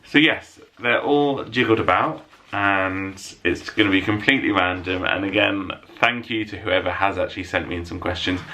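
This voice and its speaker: A man with a low, gravelly voice chats casually to his camera from a room at home. He answers viewer questions with a light, self-mocking humour. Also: pushed and bright, slight background noise. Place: room at home lit by a window.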